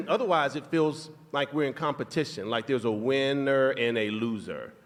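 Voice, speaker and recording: A man co-hosting a live podcast, telling a relationship story to an audience in a playful, animated way. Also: mid-range voice, normal speed. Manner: animated, playful storytelling with self-mocking asides. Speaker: podcast co-host. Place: live show venue in a large hall. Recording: live hall recording with long reverb.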